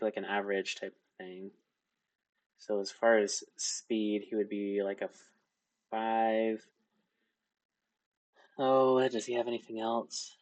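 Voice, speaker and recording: A man's voice: on the low side, a little mellow. Laid-back young man running a tabletop game. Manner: casual, laughing often, filler-heavy. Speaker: game master.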